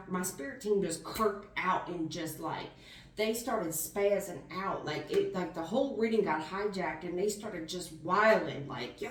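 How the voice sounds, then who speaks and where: A woman giving a blunt, slang-filled tarot reading straight to the viewer, casual and animated. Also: mid-range voice, roomy sound, recorded from a distance. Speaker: tarot reader.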